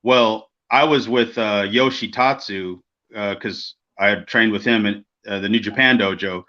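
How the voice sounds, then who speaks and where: Animated storytelling man, bright lo-fi sound. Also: on the low side, unhurried. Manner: animated, acts out quoted people, swears freely. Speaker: podcast co-host, former wrestler. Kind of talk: casual storytelling. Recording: dull lo-fi podcast audio.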